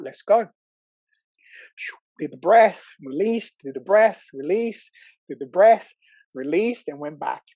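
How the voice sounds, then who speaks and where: A man, a podcast guest telling a personal story in casual chat, animated, swearing now and then and acting out what people said. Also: on the high side, dry recording. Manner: animated, excitable, swears, acts out quotes.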